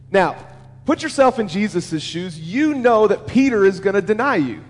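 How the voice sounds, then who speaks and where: High-voiced preacher in a reverberant hall. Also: male voice, expressive, normal speed, faint music behind. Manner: earnest, conversational, asks the listeners questions. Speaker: pastor. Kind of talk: sermon. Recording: long reverb of a large hall.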